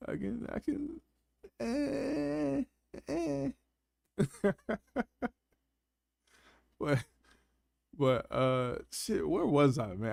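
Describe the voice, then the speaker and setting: A man's voice: mid-range voice, vocal fry, no room sound, clean studio sound. A man hosting a casual live panel chat, laughing often and talking in loose, slangy banter. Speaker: panel host.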